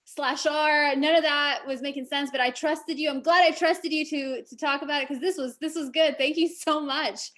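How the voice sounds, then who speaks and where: A woman's voice: sits high, fairly even intonation, moderate pace, few pauses, a bit bright. A woman hosting a casual team meeting over a video call, enthusiastic and gushing. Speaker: meeting host.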